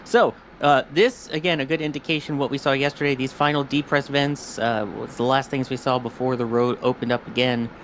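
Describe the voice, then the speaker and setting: Male co-host for live launch-pad commentary; chatty, jokey, quick. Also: mid-range voice, steady tone, fairly bright tone, slight background noise. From New York–New Jersey border. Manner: joking, chatty, quick asides. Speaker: livestream co-host.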